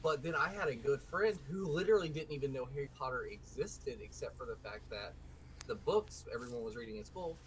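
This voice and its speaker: A man's voice: fairly high pitch, expressive, fairly quick, rough recording. A man from the American South, hosting a casual gaming podcast, talking animatedly and digressing with frequent restarts. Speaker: podcast host. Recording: faint background noise.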